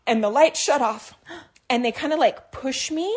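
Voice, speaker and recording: A young woman co-hosts a chatty podcast and tells a story with lots of energy. Her voice sits a little high, and she slips into acted-out quotes as she talks, laughing often. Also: moderate pace. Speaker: podcast co-host. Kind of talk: casual chat, storytelling.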